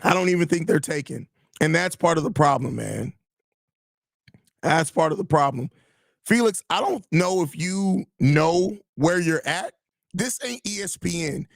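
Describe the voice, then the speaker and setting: A man hosts a sports podcast and rants with frustration and plenty of swearing, circling back to the same phrases. His voice sits fairly high and has a gravelly rasp. The recording is close and dry, with no room sound. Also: lively intonation, a little slow, no room sound. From Chicago area. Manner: frustrated, profane ranting with repeated phrases. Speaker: podcast host. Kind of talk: live podcast reacting to chat.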